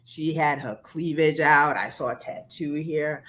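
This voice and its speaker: A woman speaking as a panelist in a talk show, measured and hesitant with many ums. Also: low-pitched, a bit bright. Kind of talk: casual panel discussion.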